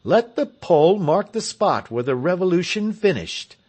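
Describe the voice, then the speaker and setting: A man's voice: high voice, big pitch swings, normal speed, a little mellow, pitched above the performer's own voice. A man reading the part of William Tell, a resolute heroic marksman, in a stirring, declamatory way for an audiobook. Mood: solemn.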